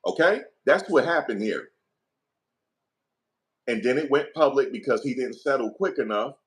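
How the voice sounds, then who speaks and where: A man's voice: mid-range voice, lively intonation, normal speed, a bit bright. A middle-aged man, giving heated opinion commentary in an emphatic, profane, repetitive rant.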